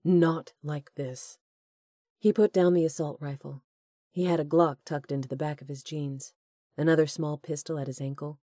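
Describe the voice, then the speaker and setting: A woman narrating a romance audiobook in steady, measured storytelling. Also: low voice, no echo, clean studio sound. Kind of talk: scripted narration.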